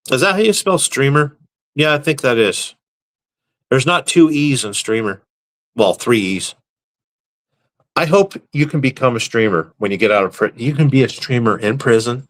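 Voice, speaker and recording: A man hosting a live stream, reading viewer comments aloud and answering them with deadpan, crude, mock-serious jokes. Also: mid-range voice, normal speed. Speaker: livestream host reading chat. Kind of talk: casual live-stream banter.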